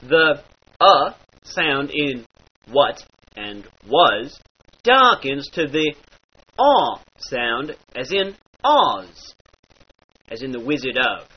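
Husky man, dialect teacher, slow with a lively pitch, mock-archaic phrasing, lo-fi recording. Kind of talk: instructional lesson with example phrases. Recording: dull lo-fi recording.

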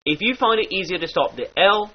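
A man teaching the sounds of an old-style dialect, with slow demonstrations and mock-archaic phrasing. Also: high voice, lively intonation, slightly rough. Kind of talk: instructional lesson with example phrases. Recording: dull lo-fi recording.

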